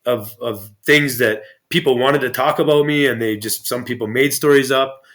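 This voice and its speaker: A man's voice: medium pitch, moderate pace, fairly bright tone. A man guest on a podcast interview, telling stories in a rambling, profane way with many restarts. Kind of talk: casual storytelling interview.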